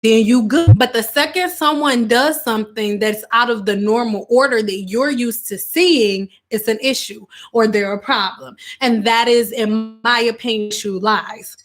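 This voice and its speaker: A woman talks candidly to her livestream audience in an animated, unscripted way. Her voice sits a little high, and she slips into quoted voices now and then. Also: moderate pace, few pauses. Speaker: hairstylist and online host. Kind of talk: casual livestream talk.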